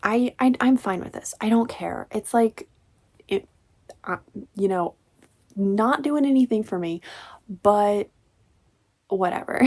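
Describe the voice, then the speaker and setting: A woman at an ordinary middle pitch talks through a book review in a loose, chatty rant. She sounds exasperated and fills her sentences with "like" and "you know.". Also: a little mellow. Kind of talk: casual ranting review.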